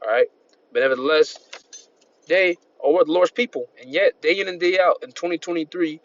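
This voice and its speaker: A man's voice: fairly high pitch, a little fast. Rambling lo-fi street preacher man. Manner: rambling, repetitive, peppered with "man" and "all right". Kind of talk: informal sermon with scripture reading.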